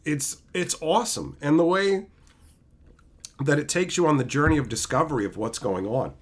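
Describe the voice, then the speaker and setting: A man retelling a show excitedly in a casual live-stream review, reading out chat messages. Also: fairly high pitch.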